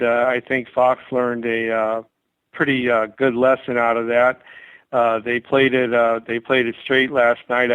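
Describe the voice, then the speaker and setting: A man calling in as a guest commentator, giving measured political views with frequent hesitations. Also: medium pitch, clear, resonant tone, no echo. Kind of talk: political commentary on a call-in interview. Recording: dry, tinny phone line.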